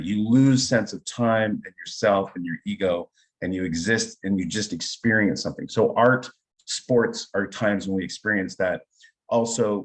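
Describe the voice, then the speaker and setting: A middle-aged man, an improv teacher, explaining his ideas with enthusiasm through personal anecdotes and frequent "right?" check-ins. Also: fairly low pitch. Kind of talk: conversational interview storytelling.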